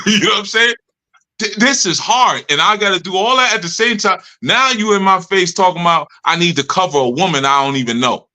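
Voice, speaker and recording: A man with a bright, forceful voice that sits a little high for a man delivers a loose, streetwise lecture to his study group. He jokes, preaches and slips into mock complaints from his listeners in a higher pitch, sounding middle-aged. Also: expressive, fairly quick, hardly any pauses. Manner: streetwise, joking, acts out followers' complaints in higher voice. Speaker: spiritual leader of a study group. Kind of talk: live study session talk.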